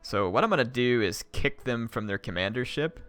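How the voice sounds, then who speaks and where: A man live-streaming a strategy game, excitably yelling orders at his units and chatting with viewers. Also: mid-range voice, fairly quick, clean tone, faint music behind.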